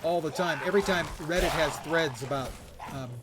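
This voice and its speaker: Over a very noisy recording, an American man from the United States streams a game, talking a little fast at a fairly high pitch. He chats casually, rambling off on tangents and correcting himself often.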